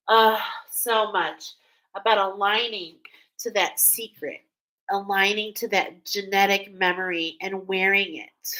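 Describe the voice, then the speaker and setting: A woman reading oracle cards for her viewers, speaking softly, emotional and tearful at times. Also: medium pitch, poor audio. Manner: emotional, tearful, soft-spoken. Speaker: oracle card reader. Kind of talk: spiritual card reading vlog.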